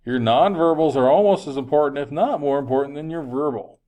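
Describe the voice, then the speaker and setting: In this recorded classroom health lecture, a male teacher projects his voice conversationally and uses fillers often. He sounds a little high with a dark tone and talks fairly quickly.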